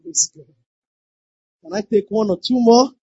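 A pastor preaching a sermon, emphatic, repeating lines and breaking into shouted exclamations. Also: mid-range voice, unhurried, no room sound. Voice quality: very husky. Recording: dull lo-fi dry recording.

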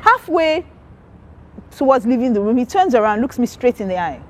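A woman giving a sermon testimony, telling her story with animated, acted-out quoted voices. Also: on the high side, normal speed, a little hiss or hum.

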